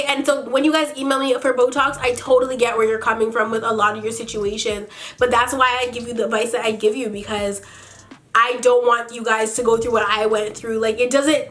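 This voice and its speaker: Young woman vlogger, higher voice, blunt and sassy storyteller, swears freely, laughs often. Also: flat delivery, fairly quick, fairly bright tone. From Canada. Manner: laughs often, big swings in pitch. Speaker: beauty vlogger. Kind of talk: casual storytime.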